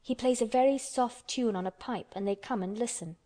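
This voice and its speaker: A woman's voice: a little high, fairly quick, mellow, lightly acted. A woman voicing a blunt, stubborn young orphan girl who speaks earnestly in a storybook. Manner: earnest, contrary storybook telling.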